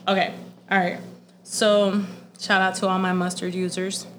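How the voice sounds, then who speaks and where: A woman's voice: mid-range voice, flat delivery, unhurried, a little hiss or hum. A woman co-hosting a casual podcast, blunt and profane, a little congested, telling stories animatedly. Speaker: podcast co-host.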